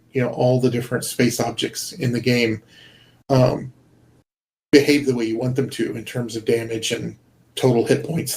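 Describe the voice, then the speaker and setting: A man's voice: mid-range voice, darkish tone. A middle-aged man, a game developer guest, talking earnestly and rambling, with many fillers and restarts, over a video call. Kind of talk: casual conversation.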